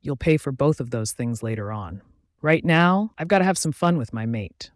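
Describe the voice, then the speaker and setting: A man's voice: medium pitch, lively intonation, normal speed, no echo, clean studio sound, natural voice. A man voicing an arrogant young male werewolf alpha who mocks and taunts his rivals. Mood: taunting. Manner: mocking, taunting.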